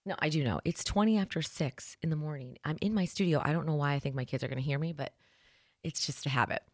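A woman in her thirties hosting a morning show from her studio, chatty, self-deprecating and excitable. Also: low voice, fast, no echo. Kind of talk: casual chat.

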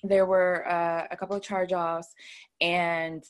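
A woman's voice: on the low side, level tone, takes it slowly. A woman who runs a credit repair business, chatting as an interview guest and telling her story with many fillers. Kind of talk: casual interview talk.

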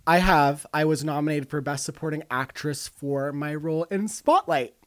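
A man's voice: fairly high pitch, normal speed, a bit bright, lightly acted. Man doing a vain, ditzy female movie star. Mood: airy, self-important. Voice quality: breezy, self-absorbed, scatterbrained. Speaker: guest in character. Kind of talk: improvised comedy character.

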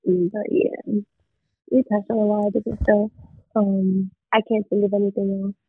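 A woman guest chats laid back, mostly with short replies, in a husky voice. Her sound comes over a tinny, phone-like line. It is dry, with no room echo. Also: mid-range voice, flat delivery, moderate pace. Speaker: podcast guest. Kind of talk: casual chat.

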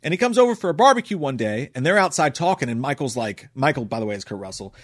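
A man's voice: medium pitch, lively intonation, quick pace. A man casually recapping a movie in a rambling, profane, enthusiastic way. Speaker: movie reviewer.

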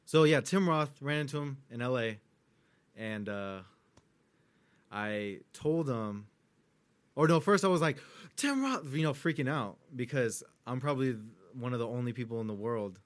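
A man chatting casually as a co-host, rambling and excitable, often trailing off while searching for words and swearing easily. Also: mid-range voice, normal speed. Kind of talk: casual chat.

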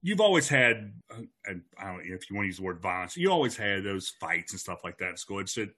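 A man's voice: low-pitched, fast talker, slightly rough. A man, a teacher, telling a story from his teaching days in a casual chat, acting out the voices of the people in it. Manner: animated anecdote teller who acts out quoted voices.

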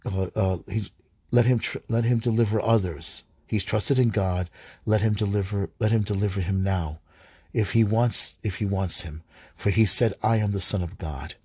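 Deep husky man reading scripture. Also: steady tone, a little mellow, no room sound. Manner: halting, stumbles and rereads lines. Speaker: scripture reader.

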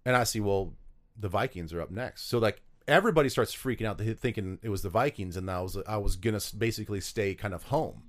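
A man's voice: on the low side, fast talker. A man from South Dakota, a former pro football player, telling stories in an interview, rambling with lots of fillers and restarts. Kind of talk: storytelling interview answers.

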